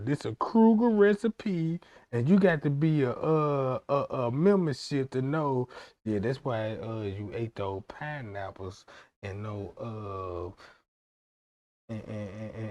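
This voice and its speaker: A man's voice: medium pitch, animated, slow, a little mellow, dry recording. A man rambling through a crude comic story, often checking in with his listener and acting out other people's lines. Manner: rambling, keeps asking "you know what I'm saying", acts out quoted voices. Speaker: streamer.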